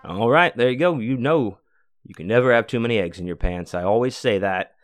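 In a brisk, medium-pitched voice with soft music underneath, a fortysomething male podcast host spins a rambling tale. He talks casually, cursing often and leaning heavily on fillers.

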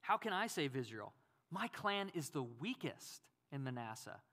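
A man's voice: mid-range voice, sing-song, normal speed, a bit bright. A man voicing a timid young male farmer who protests that he is the weakest and least fit. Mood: protesting. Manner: protesting, self-deprecating.

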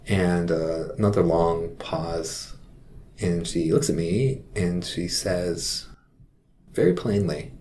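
A man who works as a hospital chaplain, telling a personal story in a reflective, halting way. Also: low voice, fairly even intonation, a little mellow, slight background noise.

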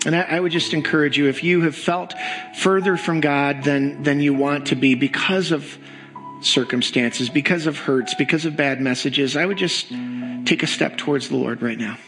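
A man leading a congregation in slow, earnest pastoral prayer during a church service. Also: on the high side, music in the background, poor audio. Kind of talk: sermon prayer. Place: church sanctuary.

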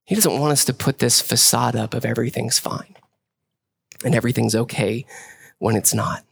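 A man's voice: normal speed, gravelly, breathy edge. A man preaching a sermon as a pastor, in a conversational way that keeps checking in with "right?" and acts out the voices of churchgoers. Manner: conversational preaching with frequent "right?" and repeated words; acts out voices of churchgoers in a rising, animated pitch.

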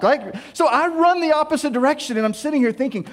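Man, pastor, sermon, high voice, animated storyteller, self-deprecating humor. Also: quick pace, few pauses. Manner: animated, joking storyteller who laughs at himself.

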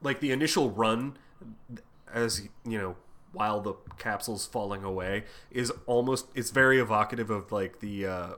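A man's voice: fairly low pitch, normal speed. A man co-hosting a podcast, retelling a comic story in casual chat, laughing often and swearing freely. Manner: laughing, profane, animated retelling. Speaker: podcast co-host.

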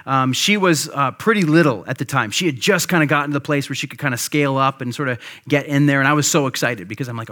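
A male pastor in his thirties preaching to his church. He tells a story in a loose, chatty way, full of ums and restarts, with a voice that sits at an ordinary middle pitch. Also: quick pace, hardly any pauses, pushed and bright. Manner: conversational storytelling with many fillers. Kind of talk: sermon.

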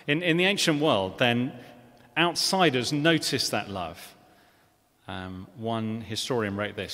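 A man with a fairly low, sharp voice preaches a sermon in a church, earnest and conversational. He often restarts phrases and puts questions to the congregation, and the church hall's long reverb hangs on every word.

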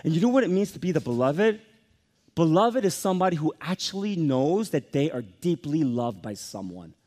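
Animated, high-pitched male pastor preaching. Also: brisk. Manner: emphatic preaching that swings from soft lows to rising, energetic highs. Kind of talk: sermon.

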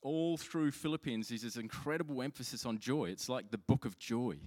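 A man's voice: medium pitch, moderate pace, a little mellow. A man preaching a sermon as pastor, telling stories in a chatty, self-mocking way with frequent restarts. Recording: long hall reverb.

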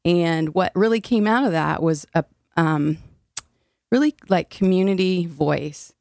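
Recorded dry and studio-clean, this interview features a woman with a lowish, gravelly, somewhat mellow voice at a measured pace. She's an older city food policy director from Illinois who talks earnestly, uses plenty of fillers, laughs readily, and is slightly breathless.

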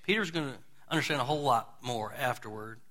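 A man's voice: medium pitch, fast, sharp tone. A man, a pastor, preaching a sermon in a folksy, conversational way, repeating his points.

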